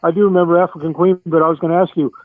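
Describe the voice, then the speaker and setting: A man's voice: on the high side, flat delivery, racing, no echo. Older man calling in over a tinny phone. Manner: chatty, blunt, apologizes for cursing. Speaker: caller. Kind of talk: casual sports chat. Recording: tinny, dry phone line.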